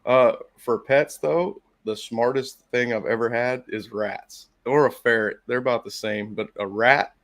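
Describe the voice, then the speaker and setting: A man in casual podcast chat who tells animated stories, swears freely and mimics his dog in a high voice. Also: unhurried, few pauses. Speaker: podcast co-host.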